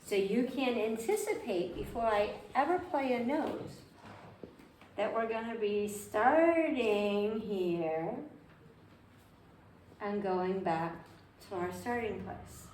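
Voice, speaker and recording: A woman's voice: medium pitch, takes it slowly, darkish tone. A woman leads a group violin lesson, patiently walking her students through a melody and asking them questions as she goes. She sounds a bit distant from the mic, in an echoey room with a faint hum behind her. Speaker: violin teacher. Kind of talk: group music theory lesson.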